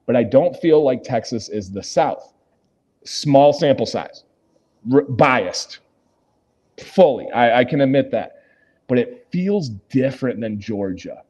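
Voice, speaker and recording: A man's voice: mid-range voice, mellow, highs cut off. A man from Michigan hosting a casual livestream, answering viewer comments and laughing often, speaking from a hotel lobby. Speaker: livestream host reading chat.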